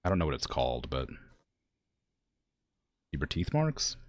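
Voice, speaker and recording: A man's voice: extremely low pitch, wildly swooping pitch, normal speed, dry recording. A man streaming a zoo game, rambling in casual commentary, talking to the animals and filling gaps with "like". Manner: rambling, talks to the animals, many "like" fillers; tired, yawning.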